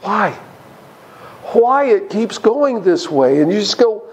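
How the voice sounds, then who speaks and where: A man's voice: sits high, takes it slowly, rough recording. A man teaching a church Bible study, talking straight to his listeners and acting out the people in the story. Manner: animated, addresses listeners directly, acts out biblical characters.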